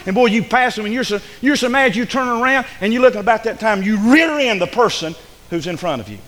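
A man's voice: high voice, lively intonation, a little fast, fairly bright tone, long reverb tail, low-quality recording. A male pastor, preaching a sermon emphatically and acting out the voices of the people he quotes. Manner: emphatic, acts out quoted speakers. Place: church sanctuary.

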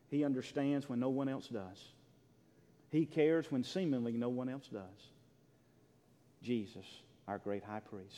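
A pastor preaching a sermon in a church, emphatic, swinging between loud declarations and hushed, near-whispered lines. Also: male voice, medium pitch. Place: church sanctuary. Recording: long reverb of a large hall.

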